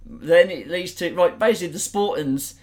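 A man's voice: high-pitched, normal speed, background noise. A man retelling a film plot in casual, sweary chat, laughing often. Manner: animated, laughing, sweary storytelling.

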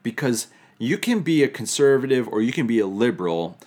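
A man's voice: medium pitch, very animated, a little fast, a little mellow. A man preaching a sermon, teaching reflectively with touches of humor. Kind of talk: sermon on scripture.

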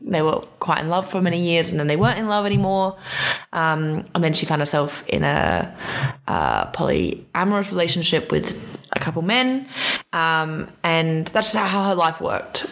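A young woman from England chatting candidly as a podcast co-host, laughing often and talking with lots of fillers and restarts. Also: fairly low pitch. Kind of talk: candid casual chat.

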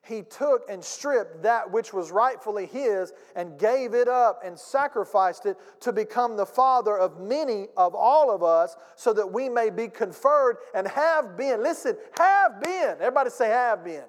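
A pastor preaching a sermon with emphatic delivery, calling on the congregation to repeat lines and acting out little scenes. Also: male voice, sits high, expressive, moderate pace, hardly any pauses, long reverb tail. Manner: emphatic preaching with audience call-and-response and acted-out anecdotes. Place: church sanctuary.

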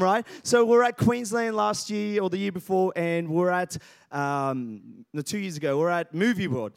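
A man in his thirties preaches a sermon in a fairly high voice. He moves between quiet, low moments and loud, emphatic calls, asking the congregation to repeat words back to him. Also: moderate pace, gravelly, smooth. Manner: call-and-response preaching, swings from quiet to loud. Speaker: pastor.

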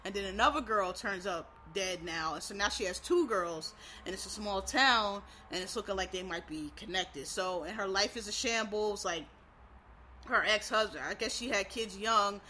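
A woman's voice: medium pitch, normal speed, bright, forceful tone, slight background noise. A woman from Philadelphia with a faint Philadelphia accent, chatting casually and rambling with frequent fillers and restarts. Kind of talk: casual chat.

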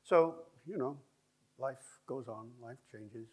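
A man's voice: mid-range voice, slow, slight background noise. A man giving a public talk about language, explaining with wry asides and demonstrating pronunciations. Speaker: language expert speaker. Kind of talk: public lecture and Q&A.

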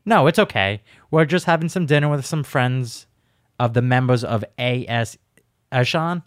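A man's voice: medium pitch, animated, moderate pace, no echo, clean studio sound, natural voice. A man reading the lines of a stiff, formal male foreign leader on the phone, politely and with no put-on accent, as a comic read-through of a transcript.

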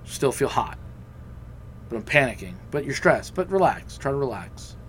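A man's voice: mid-range voice, moderate pace, slight background noise. A young man telling a personal story in casual chat, swearing freely and acting out what others said. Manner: profane, animated, acts out quoted voices.

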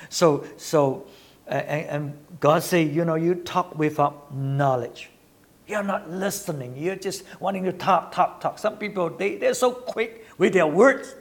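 High-pitched guy preaching, earnest, kinda halting, repeats words a lot. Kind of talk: sermon.

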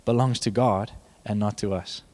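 A young man preaching a sermon, animated and joking with the congregation, building to fervent emphasis. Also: fairly low pitch, moderate pace. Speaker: pastor.

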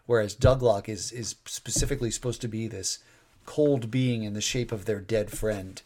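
A man's voice: fairly low pitch, steady tone, moderate pace, dark tone. A man co-hosting a casual podcast chat. His delivery rambles and restarts, with wry asides thrown in. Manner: rambling, wry, self-interrupting. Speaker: podcast co-host.

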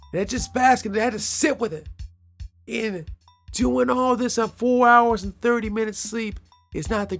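A man's voice: high-pitched, vocal fry. A man hosting a casual solo podcast, playful and rambling, repeating phrases and laughing at his own jokes. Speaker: podcast host.

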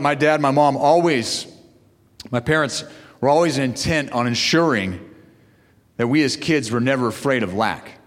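A male pastor preaching a sermon to fathers, with call-and-response asides to his congregation. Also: medium pitch. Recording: long hall reverb.

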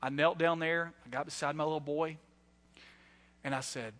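Guy preaching a sermon, high bright voice, lots of funny stories, echoey hall. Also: moderate pace, long pauses. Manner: animated storytelling with self-deprecating humor. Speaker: guest preacher.

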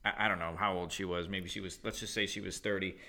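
A young man co-hosting a podcast who tells a story in a measured, step-by-step way. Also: low-pitched, level tone, sharp tone. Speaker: podcast co-host. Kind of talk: casual storytelling.

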